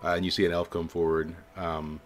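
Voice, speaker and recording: A man narrating as game master of a tabletop game, relaxed and full of fillers. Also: low voice, brisk.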